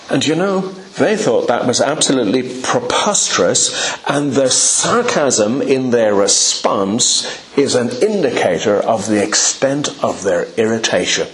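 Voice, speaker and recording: A man preaching a sermon, telling a Bible story with rhetorical questions and acted-out quotes. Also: medium pitch. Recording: echoey room.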